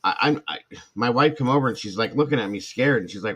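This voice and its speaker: A man's voice: mid-range voice, lively intonation, quick pace, sharp tone, slightly rough. A middle-aged man, a former firefighter and paramedic, talking candidly to viewers in a rambling way, full of restarts and asides. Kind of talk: casual talk to viewers.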